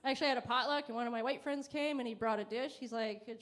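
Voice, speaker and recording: A woman performing a stand-up comedy set on stage, deadpan and self-mocking, acting out little quoted exchanges. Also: fairly high pitch, very fast, few pauses. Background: audience laughter.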